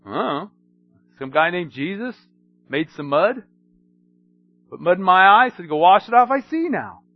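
A man's voice: sits high, very animated, normal speed, no room sound, highs cut off, soft background music. A man preaching, voicing a bewildered man who was healed of his blindness and tells it plainly.

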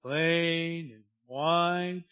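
Preacher, male, earnest sermon, fairly high voice, dry dull lo-fi sound. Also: fairly even intonation, extremely slow, smooth, dry recording. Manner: earnest, swings from hushed to emphatic.

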